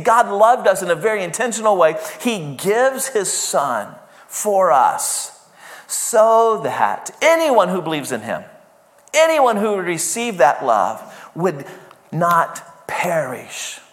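A man preaching a sermon as pastor, conversational and emphatic, often checking in with the congregation. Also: high-pitched. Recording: long hall reverb.

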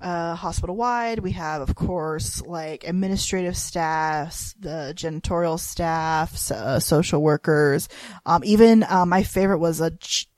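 A woman talks loosely and chattily as a podcast co-host, her voice sitting a little low for a woman. She wanders through her thoughts with plenty of "um"s, "like"s and bursts of laughter. The sound is dry and close, with no room around it. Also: measured pace, a little mellow, dry recording. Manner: rambling, lots of fillers and laughs. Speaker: hospital chaplain resident. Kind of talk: casual chat.

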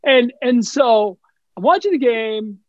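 High-voiced man telling lively stories. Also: takes it slowly, no room sound, dull audio. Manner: animated anecdote teller, acting out quoted dialogue. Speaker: guest, sports TV studio host. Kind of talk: casual podcast storytelling.

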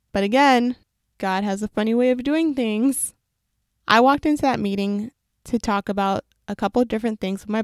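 Young woman telling her faith story, earnest, bit of vocal fry, dry close sound. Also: medium pitch, no echo. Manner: earnest and reflective, with quick runs of words. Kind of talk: personal faith testimony, casual.

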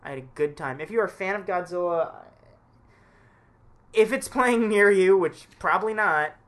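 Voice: medium pitch, normal speed. Laid-back co-host with a mid-range voice, casual and profane. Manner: relaxed, swears casually, tells scenes in detail. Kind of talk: casual chat.

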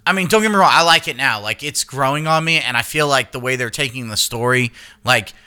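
A man's voice: medium pitch, a little fast, sharp tone, smooth. A man co-hosting a podcast, rambling and swearing in casual chat, full of fillers and restarts. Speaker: podcast co-host.

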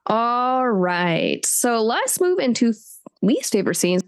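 A woman's voice: fairly high pitch, big pitch swings, slow pace, smooth. Chatty woman co-hosting a book talk. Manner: chatty, acts out reactions in quoted voices. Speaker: book podcast co-host. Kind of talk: casual chat.

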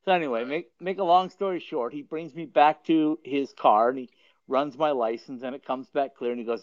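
A podcast host chats and tells stories casually, rambling and often chuckling mid-sentence. His mid-range voice runs a little fast, and the lo-fi recording sounds dull and dry.

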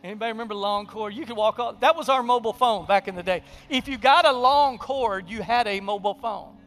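A man preaching a sermon in a conversational, humorous storytelling way, sometimes dropping to a hushed, intimate delivery. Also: sits high, fairly quick. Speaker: pastor.

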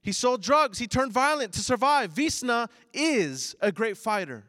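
A man in his thirties preaching a sermon, moving between loud emphatic lines and quiet low asides. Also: sing-song, a little slow, dry recording, studio quality. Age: 30s. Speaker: pastor.

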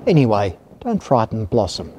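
A polite and earnest little girl from a children's storybook, as a man reading aloud puts her on. Her lines rise and fall lively, and a long hall echo trails behind them. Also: on the low side, moderate pace. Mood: firm. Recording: reverberant hall.

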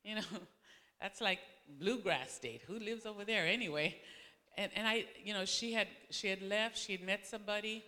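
Woman pastor preaching, bright clear voice, chatty storytelling, long echo of a big church hall. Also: medium pitch, normal speed. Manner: conversational storytelling, many restarts. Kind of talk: sermon.

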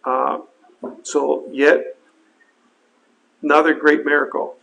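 A man telling a personal story in a halting, earnest way, often repeating words and restarting his sentences. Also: on the high side, little pitch movement, creaky, a bit bright, rough recording. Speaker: helicopter flight instructor telling his crash story. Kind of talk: personal account, spoken testimony.

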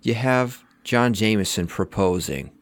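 Deep-voiced man co-host, measured recaps, dry close sound. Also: expressive, no room sound. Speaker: podcast co-host. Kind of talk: casual chat.

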